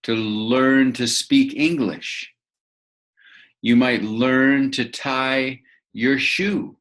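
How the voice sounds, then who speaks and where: A man's voice: medium pitch, steady tone, extremely slow, a bit bright. A man teaching vocabulary to young learners, patiently repeating words and asking the listener to say them back. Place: room with a bed, indoors.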